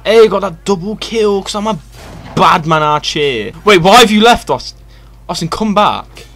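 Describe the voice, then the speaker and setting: A young man giving casual, excitable co-op gameplay commentary, laughing and yelling at his teammate. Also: high-pitched, measured pace, soft background music. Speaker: gaming channel host.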